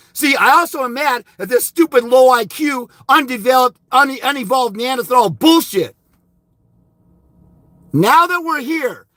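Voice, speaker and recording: Angry shouting man with a bright voice. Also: very high-pitched, dry recording. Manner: angry, insulting, shouting bursts. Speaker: livestream host answering viewer comments. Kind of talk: angry livestream rant.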